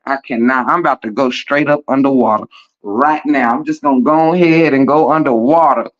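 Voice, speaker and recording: A man's voice: medium pitch, brisk, lo-fi sound. A man doing a comedic gossip rant in a sassy, flamboyant manner, calling everyone "girl" and "child", breaking into laughter. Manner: breaks into laughter and gasps for breath. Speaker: commentator.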